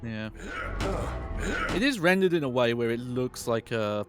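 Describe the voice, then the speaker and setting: A man's voice: mid-range voice, lively intonation, unhurried. Chatty man critiquing a game. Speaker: co-host commentator. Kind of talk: casual gameplay commentary. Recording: music playing behind.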